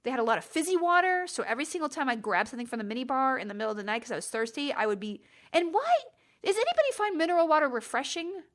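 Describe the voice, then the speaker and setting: A middle-aged woman hosting a podcast, telling a travel story in a chatty, exasperated way and jumping up in pitch for emphasis. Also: lively intonation, very fast. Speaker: podcast host. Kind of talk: casual storytelling monologue.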